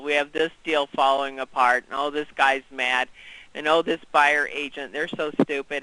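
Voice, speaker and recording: A man's voice: medium pitch, bright, forceful tone, a little hiss or hum, pitched below the performer's own voice, natural voice, rough recording. A man voicing a glum, frazzled office assistant who groans and complains. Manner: whiny, groaning, exasperated.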